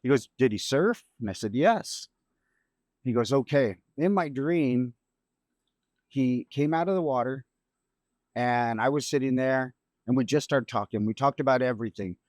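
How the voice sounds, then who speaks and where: Middle-aged father, guest; halting, reflective storyteller; mid pitch, dry mic. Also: a little mellow, dry recording. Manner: halting, reflective, many restarts. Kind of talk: emotional storytelling.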